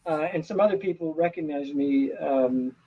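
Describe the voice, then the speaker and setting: A middle-aged man, an actor, telling stories in a casual interview, earnest and animated with many restarts. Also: on the high side, moderate pace, husky, lo-fi sound.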